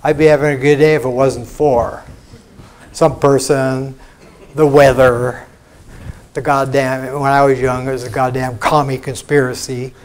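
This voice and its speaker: A man's voice: mid-range voice, little pitch movement, measured pace. An older American man giving an informal spiritual talk in a lecture hall, frank and conversational, with salty asides and mock quotes. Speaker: spiritual teacher.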